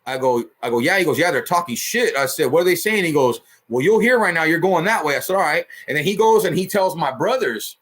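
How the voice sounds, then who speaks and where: A man casually telling a rough story in heavy profanity and street slang, punching it up with sound effects. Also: fairly high pitch, lively intonation, quick pace, few pauses, fairly bright tone. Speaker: storyteller host.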